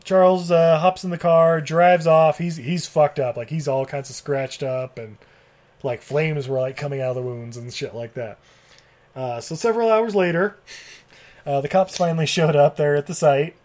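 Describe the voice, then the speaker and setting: Brief: podcast co-host with a mid-pitched voice, a loose profane movie recap full of laughs. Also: normal speed, darkish tone. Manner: profane, rambling, laughs often, mimics characters. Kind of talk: casual movie recap chat.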